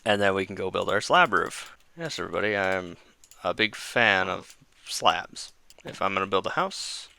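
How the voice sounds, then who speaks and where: A man's voice: low voice, animated, moderate pace, creaky, bright, forceful tone. A man casually commenting while playing a building game, rambling, correcting himself and talking to his viewers. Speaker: gaming channel host.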